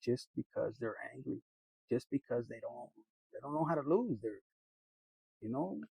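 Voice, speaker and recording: A man's voice: mid-range voice, animated, moderate pace, creaky, dark tone, slightly rough, no echo, rough recording. A man giving a rambling, casual tarot reading, laughing often, swearing freely and slipping into Spanish. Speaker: tarot reader.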